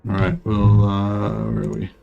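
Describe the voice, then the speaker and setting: A man's voice: fairly low pitch, monotone, unhurried, creaky, narrow, tinny audio. Rambling male game streamer, faint music behind. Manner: rambling, filler-heavy, reads chat aloud. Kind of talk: casual livestream chat.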